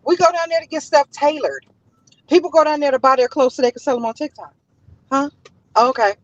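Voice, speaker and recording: Her casual commentary comes out passionate and indignant, in a high, Los-flavored voice that repeats points for force. She talks a little fast; the recording is dry, dull and lo-fi.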